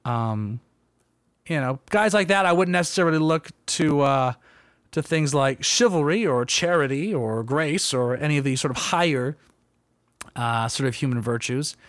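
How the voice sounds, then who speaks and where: A man's voice: a little high, lively intonation, moderate pace, a bit bright, no room sound, studio quality. A young man telling a story in casual chat, rambling and self-deprecating, acting out quotes in a raised voice.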